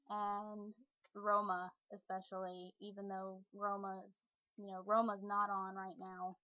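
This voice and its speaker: A young woman talks to her followers in a loose, rambling way, leaning on fillers and restarting her sentences. Her voice sits at an ordinary pitch and sounds dry and close. The webcam audio is dull and lo-fi. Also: little pitch movement, takes it slowly, no echo. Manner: chatty, many fillers and restarts. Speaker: vlogger and online role-player. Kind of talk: rambling casual monologue.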